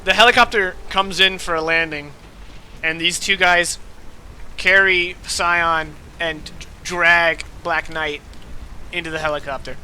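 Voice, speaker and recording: A man's voice: on the high side, steady tone, a little slow, pushed and bright, slight background noise. A man narrating as game master in a loose, filler-heavy way.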